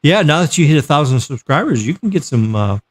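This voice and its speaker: A man's voice: on the high side, sing-song, a little fast. A man hosting a tech livestream in casual chat, joking and reading out viewer messages.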